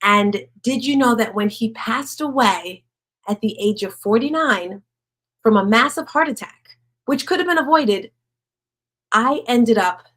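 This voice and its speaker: A woman giving a personal motivational talk, chatting with the audience, asking them questions and slowing right down on key lines. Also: mid-range voice. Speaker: speaker at a women's event.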